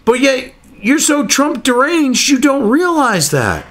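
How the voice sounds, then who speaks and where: A man with a high, animated voice rants angrily and sarcastically, and he swears freely. He breaks off from reading news aloud to argue with it, and his pitch jumps all over the place. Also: slow. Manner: angry, profane, sarcastic ranting. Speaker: political commentary host.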